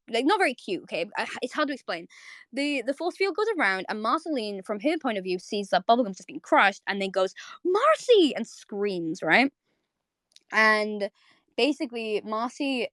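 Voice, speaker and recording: A young woman hosting a live audio chat on a home mic, rambling in quick bursts with lots of fillers and repeats. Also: medium pitch, a bit bright, dry recording, clean studio sound. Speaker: host of a live audio space. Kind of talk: casual live chat to listeners.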